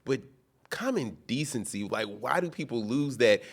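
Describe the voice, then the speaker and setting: Man with a lively, swooping voice. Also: mid-range voice, moderate pace. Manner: expressive, swoops up when quoting others. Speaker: podcast co-host. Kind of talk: casual chat.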